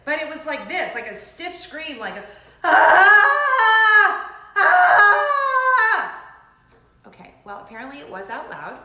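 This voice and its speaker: A middle-aged woman hosting her weekly chat show, telling stories in an animated, giggly way, recorded in an echoey room. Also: a little high, a little fast, hardly any pauses, slight background noise. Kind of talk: casual chat to camera.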